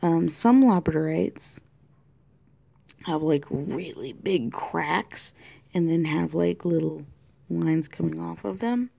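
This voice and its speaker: A woman talking through a colored-pencil tutorial in a chatty way, thinking aloud and often dropping to a soft whisper. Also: sits low, takes it slowly, vocal fry, long pauses. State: has the hiccups. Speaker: art tutorial host. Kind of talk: casual drawing tutorial narration. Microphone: camera mic close to the desk.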